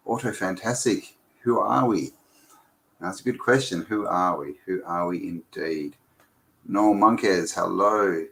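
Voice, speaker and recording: Man, lowish voice, casual live chat host, relaxed and chatty. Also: poor audio. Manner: relaxed and chatty, reads out viewer names, with fillers.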